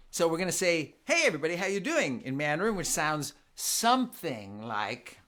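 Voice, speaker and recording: A man leads a family sing-along over a home live stream, playfully coaxing his listeners to repeat words after him. His tone is bright and his pitch swings widely as he talks. He has the easy, encouraging manner of a children's performer. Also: very animated, moderate pace. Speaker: children's singer and concert host.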